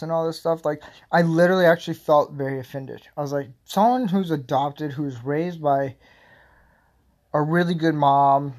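Talk it out like a man with a fairly high voice ranting off the cuff, rambling with lots of filler words, blunt and swearing freely. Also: steady tone, moderate pace, darkish tone. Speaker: vlogger giving political commentary. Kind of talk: casual opinion rant.

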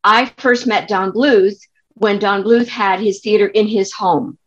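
A woman's voice: mid-range voice, fairly even intonation, a little slow, a bit bright. Woman, from California, theater director, chatty, stumbling restarts, muffled lo-fi recording. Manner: chatty, many restarts and fillers. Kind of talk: interview storytelling.

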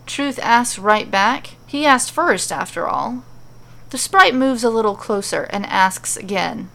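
Gravelly woman reading a playful story. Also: medium pitch, animated, measured pace, fairly bright tone. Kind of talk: storybook narration.

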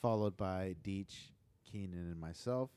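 A man hosting a podcast, chatting casually and telling animated stories with plenty of swearing. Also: sits low, measured pace, clean tone. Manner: swears freely, animated storyteller. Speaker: podcast host. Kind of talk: casual chat.

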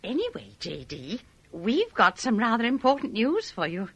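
A woman's voice: a little high, huge pitch swings, normal speed, breathy edge, dry recording, full character voice. An actress playing a coaxing mother who prompts her husband, in a radio drama for language learners.

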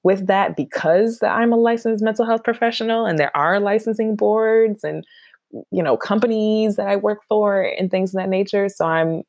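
A woman's voice: mid-range voice, normal speed, darkish tone, no echo, clean studio sound. A woman guest on a podcast, a mental health professional, talking in a casual, affirming and heartfelt way with many fillers.

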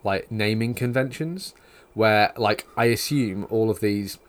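A man's voice: on the low side, measured pace. A young man with a Yorkshire accent hosting a casual podcast chat, rambling with lots of fillers and teasing his guests. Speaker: podcast host.

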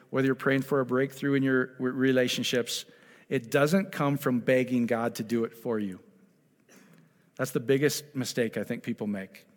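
A man preaching a sermon, emphatic and full of rhetorical questions, moving between loud exhortation and quiet, intimate asides. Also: medium pitch. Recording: long hall reverb.

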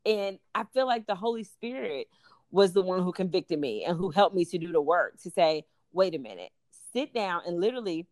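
A young adult woman, a podcast guest, telling her story in casual talk, animated and full of "you know" and "like". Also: on the low side, dry recording. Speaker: podcast guest, law student. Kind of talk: casual faith interview.

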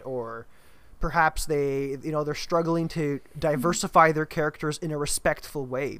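A man hosting a casual gaming panel, his voice a bit on the high side. He rambles as he sets up questions for his guests. The sound is close and dry, with no room around it. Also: fairly bright tone, no echo. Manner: rambling, self-aware, hands off questions. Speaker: podcast host, moderator.

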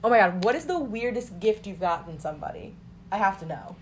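A woman's voice: medium pitch, lively intonation, fairly quick, a little hiss or hum. A young woman telling family stories in casual chat, rambling with many filler words.

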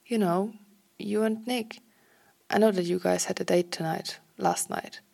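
A woman voicing a young man who is drowsy and bitter late at night, in a soft, half-whispered way. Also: mid-range voice, fairly even intonation, a little slow, vocal fry.

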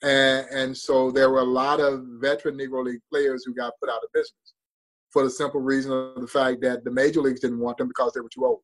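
A man's voice: medium pitch, level tone, fast talker, low-quality recording. A man telling a story with passion and drama as a guest on a talk show. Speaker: baseball museum guest. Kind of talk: storytelling interview.

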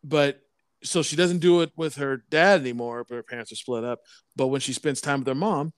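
A man in his thirties co-hosting a casual podcast, who talks in halting bursts and keeps repeating words and restarting his sentences. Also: mid-range voice, clean tone, no room sound. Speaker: podcast co-host.

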